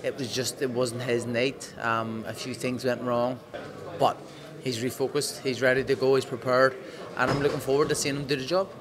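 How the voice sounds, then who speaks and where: Northern Irish male boxer, frank and sweary, mid-range voice, loud crowd behind. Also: medium pitch, flat delivery, normal speed. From Northern Ireland. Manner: frank, swearing, repeats words. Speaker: boxer interviewed at ringside. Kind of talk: casual chat. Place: busy boxing arena.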